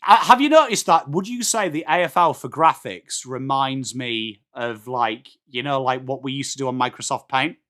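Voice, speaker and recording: A man's voice: medium pitch, normal speed, few pauses, pushed and bright. A middle-aged man from England with an English accent, hosting a live football watchalong, chatting to viewers by name and calling the play as it happens. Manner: chatty, reads out viewer messages and calls play. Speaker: livestream host.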